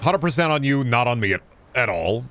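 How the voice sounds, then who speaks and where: A man's voice: medium pitch, expressive, a little fast, a bit bright, a little hiss or hum. A man streaming a video game, chatting casually and riffing on absurd jokes with plenty of profanity. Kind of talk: casual live-stream chat while gaming.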